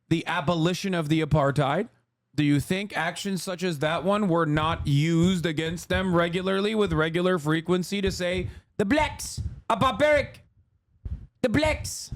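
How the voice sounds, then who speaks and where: A man streaming a reaction video, talking in a heated, emphatic, profane way. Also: sits high. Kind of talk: casual reaction commentary.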